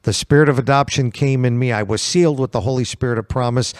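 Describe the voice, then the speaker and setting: A man hosting a Christian radio program, teaching from the Bible in a calm, steady manner. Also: medium pitch, fast talker, no echo, clean studio sound. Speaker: radio show host.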